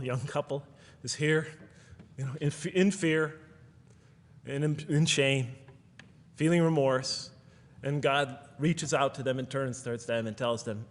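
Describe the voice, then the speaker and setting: A man giving a reflective lecture, quoting scripture in a soft, low voice. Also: long reverb tail. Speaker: lecturer on video. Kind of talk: recorded lecture.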